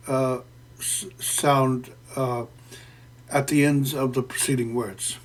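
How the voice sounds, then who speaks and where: A man giving a spoken close reading of a poem, deliberate and professorial, pausing often with "uh" and correcting himself as he explains. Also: mid-range voice. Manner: deliberate and professorial, with frequent "uh" fillers and self-corrections. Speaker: poetry lecturer. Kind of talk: spoken literary analysis.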